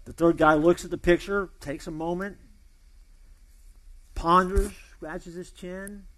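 Pastor, male, a touch higher-pitched than most, relaxed storyteller who restarts phrases often. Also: slow. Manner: conversational storyteller, loose and chatty with repeated restarts. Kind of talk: sermon opening with a told joke.

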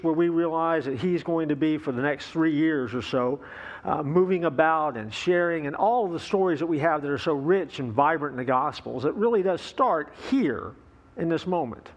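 A man's voice: on the high side, moderate pace. A male pastor preaching a sermon, opening with a folksy joke, with fillers and easy asides.

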